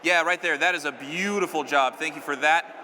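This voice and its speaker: A man's voice: a little high, brisk, bright, forceful tone, in a large hall, slight background noise. A man performing stage magic on a live stage, keeping up joking banter with a volunteer and the crowd.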